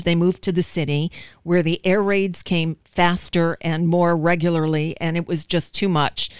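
A woman's voice: on the low side, clear, resonant tone, dry recording, studio quality. A woman radio show host earnestly recounting a personal story in an emotional telling.

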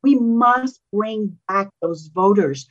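A woman's voice: mid-range voice, expressive, takes it slowly, lo-fi sound. A woman whose first language is Spanish, talking passionately and with emphasis as a political candidate in an interview.

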